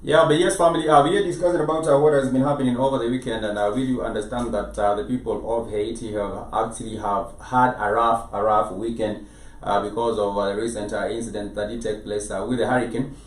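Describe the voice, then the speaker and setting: A man's voice: fairly low pitch, fairly even intonation, fast talker. A man who is DJ and host of a casual talk show, speaking hesitantly with many fillers. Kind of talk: casual radio chat. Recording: echoey, distant.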